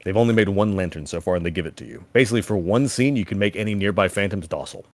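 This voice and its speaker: A man running a tabletop game as game master, casual and quick to laugh. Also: deep voice, no echo, clean studio sound. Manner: casual, laughing, swears freely.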